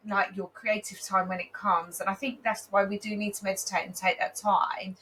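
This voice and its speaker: A woman's voice: mid-range voice, flat delivery, moderate pace, a bit bright, a little hiss or hum, low-quality recording. A woman in her thirties co-hosting a podcast, chatting in an effusive, heartfelt way. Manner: chatty, effusive, gets emotional and laughs. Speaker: podcast co-host. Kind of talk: casual chat.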